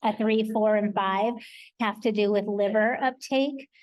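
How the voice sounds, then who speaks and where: American woman presenter, mellow voice, practical explainer at a conference talk. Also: mid-range voice, steady tone, unhurried, low-quality recording. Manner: practical, explanatory, with frequent ums. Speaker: research coordinator presenter. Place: conference hall.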